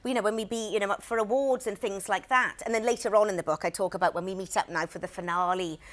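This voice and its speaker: A woman from Wales, a guest actress chatting casually and telling animated stories about her career. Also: mid-range voice, fast. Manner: animated anecdotal storytelling. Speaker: interview guest, actress and author. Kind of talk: casual chat.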